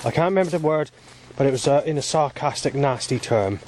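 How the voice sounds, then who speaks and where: A man's voice: mid-range voice, fairly quick, a little mellow, a little hiss or hum. A man vlogging on a walk outdoors by a road, talking in a rambling, agitated and profane monologue.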